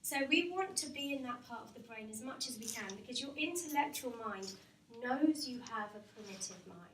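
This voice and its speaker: A woman's voice: a little high, expressive, a little fast. A woman, a hypnotherapist, giving an informal talk to office staff. She is chatty, laughs often and asks the room questions. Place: company meeting room with a live audience. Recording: roomy and distant, faint background noise.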